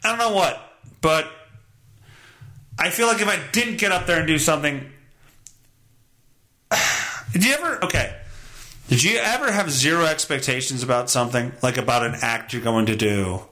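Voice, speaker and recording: High, bright-voiced profane podcast host. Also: male voice, expressive, normal speed, pauses often. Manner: profane, rambling, self-mocking. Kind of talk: casual solo podcast monologue.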